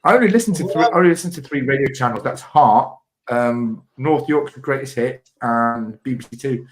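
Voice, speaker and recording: A man's voice: mid-range voice, fairly quick. Jokey quiz host, man. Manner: jokey, rambling, teasing. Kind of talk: casual panel quiz banter.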